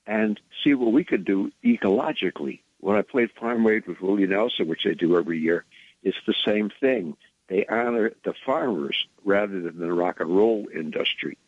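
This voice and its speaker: An older man, a musician appearing as a radio guest, tells long, earnest anecdotes in a rambling, conversational way that drifts into preaching. His low voice has a breathy edge, and the audio is narrow and tinny with no room sound.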